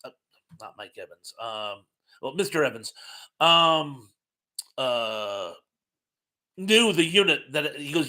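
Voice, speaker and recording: A middle-aged man with a bright, forceful voice pitched a little high hosts a relaxed live-stream trivia session. He reads questions and viewer comments in a chatty, self-mocking way. He laughs easily and trips over his own sentences. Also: slow pace, pauses often.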